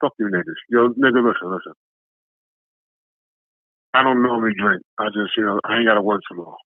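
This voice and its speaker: A man's voice: lowish voice, a little fast, no room sound. Tired man ranting over a phone line. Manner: aggressive, repetitive, swearing. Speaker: caller. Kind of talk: profane trash-talk rant. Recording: tinny phone line, dry.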